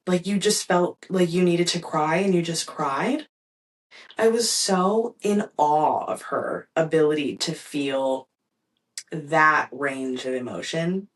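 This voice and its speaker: A young woman with a notably low voice shares a personal story on her podcast. She speaks candidly and reflectively, with easy fillers and the odd soft laugh. Her voice sits a bit back from the mic. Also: takes it slowly, distant mic, low-quality recording. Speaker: podcast host.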